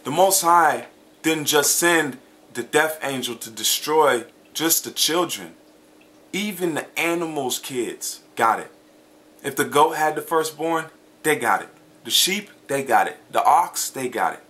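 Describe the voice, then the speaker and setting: Emphatic man preaching, slightly high voice. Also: lively intonation, fairly bright tone. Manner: emphatic, repeats "okay?" and "man"; slows down to stress words. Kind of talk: sermon with scripture reading.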